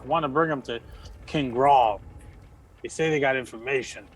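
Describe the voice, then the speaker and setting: A man's voice: medium pitch, moderate pace, husky, soft background music. A man playing a tabletop game, casual and joking and swearing freely. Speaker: player.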